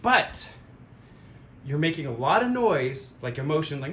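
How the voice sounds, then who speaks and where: A man's voice: lively intonation, moderate pace, a bit bright. A man giving a casual, rambling opinion monologue, full of fillers and sound effects. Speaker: vlogger. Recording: roomy echo with faint rumble.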